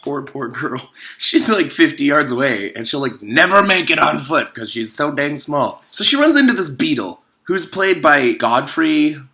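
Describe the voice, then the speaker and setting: Man, casual comedic commentary, sarcastic, rambling, lively pitch swings, bright voice. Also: moderate pace. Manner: animated, sarcastic, rambling with many fillers. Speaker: video host.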